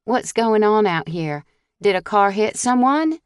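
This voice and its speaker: A woman voices a frightened young wife who keeps coughing and asks anxious questions in an alarmed mood. Her medium-pitched voice is animated, a little slow, clear, and resonant, pitched above her own but close to an everyday voice. The sound is clean studio audio with no room sound.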